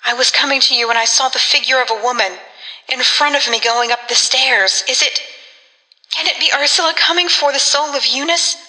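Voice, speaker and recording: Lady doing a panicky old woman losing it, bright and shrill, echoey room. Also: a little fast. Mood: terrified. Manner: panicky, pleading, breaking into screams. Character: frightened elderly woman, guilt-ridden and hysterical.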